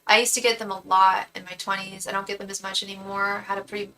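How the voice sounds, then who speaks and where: A woman in her thirties hosts a live-streamed tarot reading, talking loosely and filling pauses with ums. Her voice is bright with a gravelly edge. She sits some distance from the camera mic, with a faint hiss behind her. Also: medium pitch, little pitch movement. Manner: chatty, heavy on ums, addresses viewers as girl. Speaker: tarot reader and psychic.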